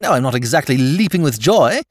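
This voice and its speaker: Male narrator as a drawling, self-pitying young peer, high and plaintive, dry close sound. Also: sing-song, fairly quick, no room sound. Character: hapless, mopey young English lord.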